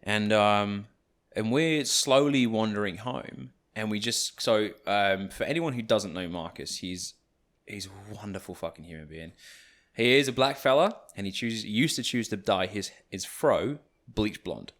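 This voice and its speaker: A man's voice: fairly low pitch, a little slow. A young Australian man hosting a podcast, telling a story in casual chat. He swears freely and fills his talk with "like". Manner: animated anecdote-telling, swears often, many "like" fillers. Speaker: podcast host.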